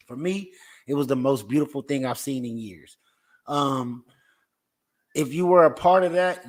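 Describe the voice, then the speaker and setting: A man hosting a podcast in a casual, laid-back way, talking straight to his viewers. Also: fairly high pitch. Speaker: podcast host.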